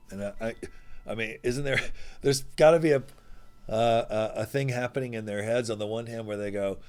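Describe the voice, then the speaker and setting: A man's voice: fairly low pitch, brisk, a little mellow. A man preaching a casual, conversational sermon, musing aloud and acting out the voices of the figures he quotes. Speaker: pastor.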